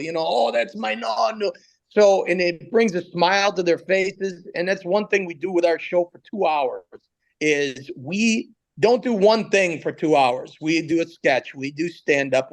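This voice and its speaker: A man, a comedian, chatting in an interview as an animated storyteller. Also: fairly high pitch. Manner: animated storyteller, breaks into voices. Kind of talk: casual interview chat.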